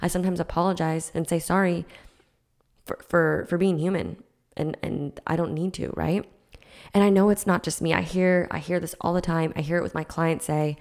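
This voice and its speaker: Gravelly-voiced woman podcast host. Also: lowish voice, steady tone, moderate pace, darkish tone. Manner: earnest, reflective, frequent restarts. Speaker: podcast host and life coach. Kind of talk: casual solo podcast talk.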